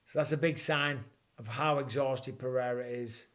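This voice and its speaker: Excitable man calling a fight. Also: mid-range voice, normal speed. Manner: excitable, rising for big moments. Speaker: host. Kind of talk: live fight commentary and chat.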